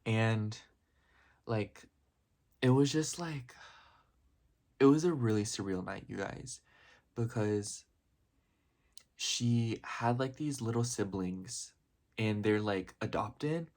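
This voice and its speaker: A man's voice: fairly low pitch, slow pace, long pauses, a little mellow. A young man vlogging in a comedic parody style, gushing and rambling with constant "like" fillers.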